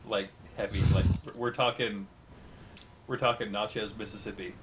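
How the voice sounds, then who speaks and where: A man acting as game master, setting up scenes in a matter-of-fact way. His voice sits fairly low. A clear hiss runs under the recording. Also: fairly even intonation, moderate pace. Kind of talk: running a tabletop game.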